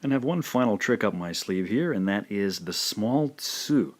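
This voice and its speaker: A man teaching a language lesson, patiently saying each sound twice in a careful, drawn-out way. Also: on the low side, expressive. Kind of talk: slow, careful spoken lesson.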